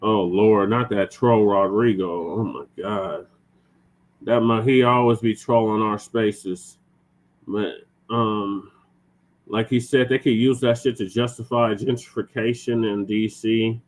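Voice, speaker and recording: A man's voice: fairly low pitch, fairly even intonation, slow pace, rough recording. A man on a talk show panel giving blunt, exasperated commentary.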